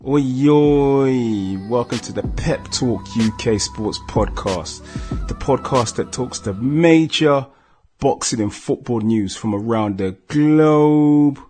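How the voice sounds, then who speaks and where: A man hosting a sports podcast, casual and upbeat, with shouted hype intros. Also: medium pitch, expressive, slow, soft background music. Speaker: podcast host.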